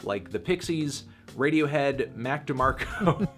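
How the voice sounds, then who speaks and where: A man's voice: medium pitch, expressive, a little slow, a bit bright. Dry, sarcastic male music critic. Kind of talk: review commentary.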